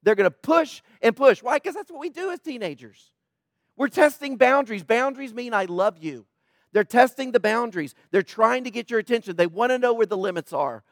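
A man's voice: very high voice, animated, a little fast, dry recording, studio quality. A middle-aged male pastor preaching a sermon, emphatic, repeating key points and calling on the audience to answer back.

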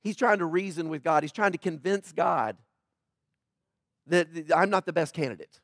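A man's voice: fairly high pitch, moderate pace, a bit bright, no room sound, studio quality. A man preaching a sermon as pastor, talking conversationally to the congregation with jokes, asides and frequent checks like "right?".

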